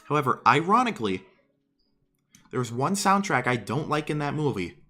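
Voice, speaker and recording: A man in his twenties streaming, giving casual commentary in an animated, exasperated rant with some swearing. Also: medium pitch, normal speed, soft background music. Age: 20s.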